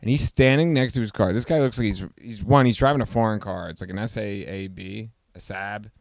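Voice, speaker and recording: A man hosting a podcast, casually telling a story and acting out the voices with loud exclamations. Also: on the low side, brisk, vocal fry, dry recording, studio quality. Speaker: podcast host.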